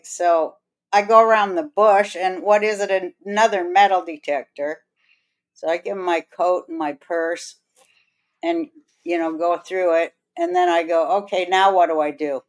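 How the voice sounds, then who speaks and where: A lower-pitched woman rambles through a casual story, slipping into quoted dialogue to play the people she met. Faint music runs under the talk. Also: rough recording. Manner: rambling, acts out others' lines in quotes. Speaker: podcast host.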